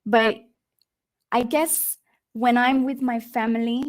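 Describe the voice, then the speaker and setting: A chatty Australian woman on a video call, her voice sitting a little on the high side. She talks casually as an English tutor, laughs often and drifts through plenty of ums. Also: fairly even intonation, slow pace.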